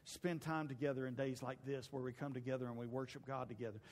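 A male pastor preaching a sermon, telling stories with acted voices and occasional shouts. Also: mid-range voice, little pitch movement, fast, in a large hall. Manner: storytelling preacher acting out voices, shouting at peaks. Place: church sanctuary.

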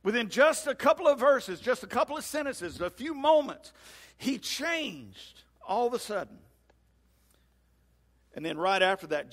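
A male pastor preaching a sermon in a church sanctuary, acting out scripture dialogue with lively swings in voice. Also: fairly high pitch. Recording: long hall reverb.

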